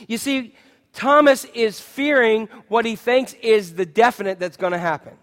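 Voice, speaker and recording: A man with a high-pitched voice preaches a sermon in an animated way, throwing questions at the congregation and acting out what people say. His voice rings with the long reverb of a big hall. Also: moderate pace. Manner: animated, acts out quotes and asks the congregation questions. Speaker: pastor.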